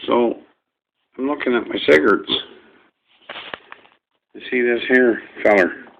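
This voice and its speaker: Gravelly man ranting on a tinny video. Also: medium pitch, unhurried. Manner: rambling, profane, folksy ranting. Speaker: vlogger.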